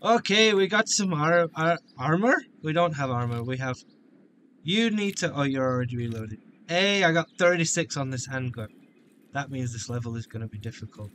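Bright-voiced man joking through a shooter game. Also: mid-range voice, animated, normal speed, slight background noise. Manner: jokey, taunts enemies, sudden shouts. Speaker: gameplay commentator. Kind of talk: let's play commentary.

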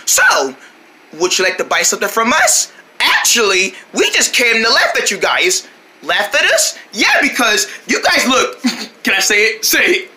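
Brief: bright, lively young-sounding voice switching between bickering cartoon kids. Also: medium pitch, moderate pace, a little hiss or hum. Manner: squabbling, playground taunts and pleading.

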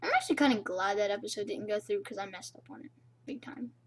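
A young woman casually commenting on her own gameplay, rambling and playful, recorded on a cheap low-quality mic. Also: fast talker. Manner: rambling, playful, self-chatting. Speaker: gamer.

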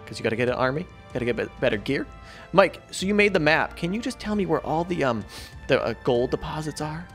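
A man hosting a multiplayer game video, chatting casually and excitably with his friends. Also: fairly high pitch, fast, soft background music. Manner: excitable, chatty, frequent laughs. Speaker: gaming channel host. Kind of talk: casual gameplay chat.

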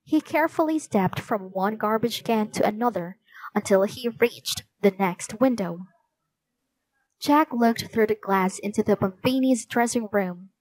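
A woman narrating a children's storybook in a slow, clear reading voice. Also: mid-range voice, darkish tone, no room sound, poor audio.

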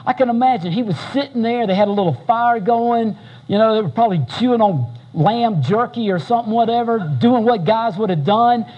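Husky, high-voiced folksy pastor. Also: male voice, muffled recording. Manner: folksy, animated storytelling with audience banter. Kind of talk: sermon.

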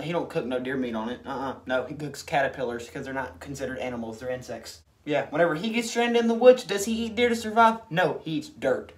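A man ranting in a brash, sarcastic and profane comedic style. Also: fairly high pitch. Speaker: comedy commentator. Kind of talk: comedic rant.

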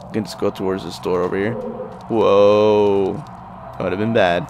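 A young adult man giving casual, profane running commentary on his own gameplay, with sudden excited exclamations. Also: fairly low pitch, unhurried. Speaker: let's play gamer. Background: game music.

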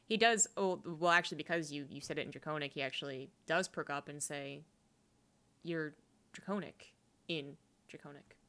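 A woman's voice: deep voice, fast, hardly any pauses, fairly bright tone. A woman running a tabletop game as game master, narrating hesitantly with many fillers.

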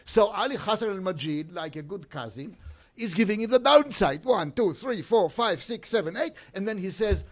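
A man giving an academic conference talk, halting often with hesitations and restarts. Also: high-pitched, very animated. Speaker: conference speaker.

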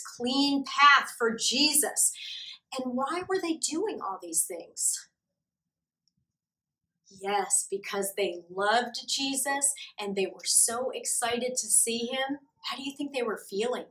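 High, bright-voiced preschool teacher woman. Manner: slow, encouraging questions to small children. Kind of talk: children's church lesson. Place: church room. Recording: echoey room, mic far off.

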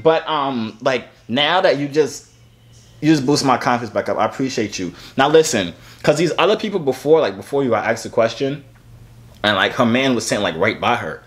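A man's voice: mid-range voice, lively intonation, brisk, faint music behind. A man in his twenties chatting casually on a video chat app, playful, teasing and boastful. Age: 20s. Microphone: phone on a video chat app.

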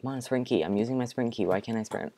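Commentating live on his gameplay, a man swings from muttering and near-whispers to panicky outbursts. His medium-pitched voice is mellow and fast, and at times it drops almost to a whisper.

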